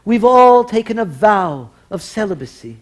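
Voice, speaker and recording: A man's voice: high-pitched, sing-song, normal speed, voice pushed up. A man voicing a curious, coaxing priest in a stage joke. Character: curious male priest, confiding.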